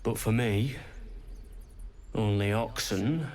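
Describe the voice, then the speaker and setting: An actor voicing a weary, sly talking ox in a video game. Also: male voice, lowish voice, slow, darkish tone. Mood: deadpan.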